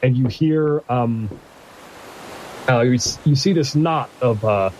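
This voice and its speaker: Halting man narrating a tabletop game. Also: mid-range voice, a little mellow, slight background noise, low-quality recording. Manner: halting, full of restarts and fillers. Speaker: game master.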